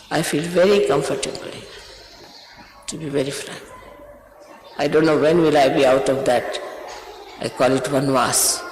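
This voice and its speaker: A woman's voice: sits low, a little hiss or hum. A woman, a spiritual teacher sternly admonishing her followers in a spiritual talk. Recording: echoey hall recording.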